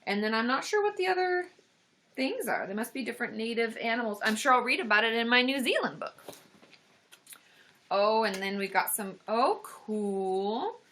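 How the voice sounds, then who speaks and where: A woman therapist hosting a casual livestream, excitable and gushing, full of gasps and exclamations. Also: a little high, moderate pace. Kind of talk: casual live-stream chat.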